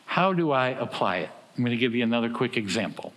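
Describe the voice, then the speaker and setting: Male preacher, mid-range voice, lively sermon delivery, big reverberant hall. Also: fast talker. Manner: animated, acts out quoted voices with big swings in pitch and loudness.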